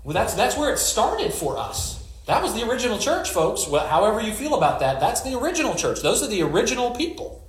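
A man preaches in a relaxed, conversational way, turning scripture into stories with wisecracks and asides. His voice sits slightly high and swings widely in pitch. The sound carries a roomy echo. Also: a little fast, a little hiss or hum. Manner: joking, storytelling asides. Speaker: pastor. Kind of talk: conversational sermon.

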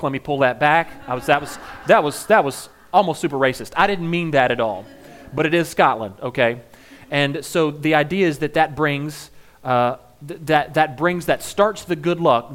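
Man with a comic, animated delivery. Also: fairly high pitch. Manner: joking asides, animated and playful. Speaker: comedic speaker. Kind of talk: comedic monologue.

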